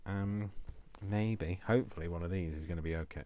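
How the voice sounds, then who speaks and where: Deep-voiced man chatting while crafting. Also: moderate pace, a little mellow, no echo. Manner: rambling, talks to himself, jokey asides. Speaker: crafting video host. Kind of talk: casual chat while crafting.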